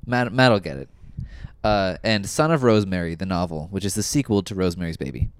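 A man's voice: low voice, fairly quick, no room sound. A man co-hosting a podcast, talking in a casual, dry joking way. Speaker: podcast co-host. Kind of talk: casual chat.

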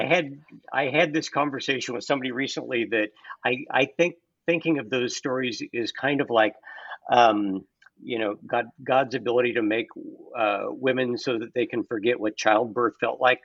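A man's voice: medium pitch, moderate pace, dry recording, muffled recording. A man on a casual podcast who tells stories with energy and acts out both sides of the conversation in different voices. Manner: animated storyteller, acts out both sides of dialogue. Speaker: guest designer. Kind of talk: casual storytelling.

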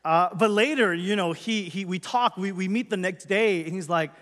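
Male pastor, high voice, earnest testimony, long hall reverb. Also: moderate pace, fairly bright tone. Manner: earnest, conversational storytelling. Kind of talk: personal testimony to a congregation.

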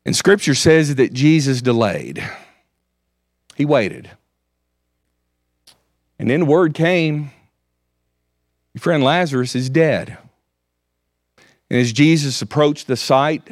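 Guy preaching a sermon, kinda high voice, earnest, scripture quotes, dry close sound. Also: slow, pauses often, dry recording. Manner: earnest preaching, quoting scripture with rising intensity. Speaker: pastor.

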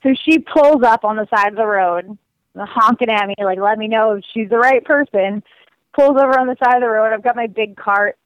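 A woman guest telling stories in a casual, lively way, full of "like" and acted quotes. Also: a little high, moderate pace, clean tone, no echo, poor audio. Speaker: guest describing her cross-country walk. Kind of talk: casual storytelling.

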